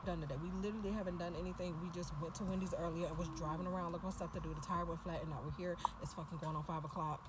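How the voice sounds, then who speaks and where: A woman's voice: fairly low pitch, steady tone, very fast, hardly any pauses, heavy background noise. A woman vlogging casually and venting her frustration with lots of swearing. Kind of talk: casual vlog check-in. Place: tire shop, then hotel.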